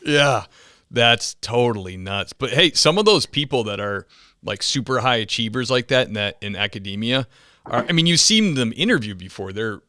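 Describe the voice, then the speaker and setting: A man hosting a podcast interview, reacting with quick remarks and laughter and asking follow-up questions. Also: medium pitch, expressive, pushed and bright, dry recording, clean studio sound. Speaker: podcast host. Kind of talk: casual interview chat.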